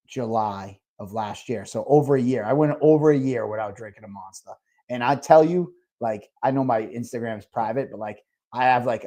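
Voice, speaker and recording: A man's voice: mid-range voice, dark tone. Rambling, foul-mouthed male podcast host. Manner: rambling, heavy swearing, lots of "like". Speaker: restaurant owner. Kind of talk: casual storytelling chat.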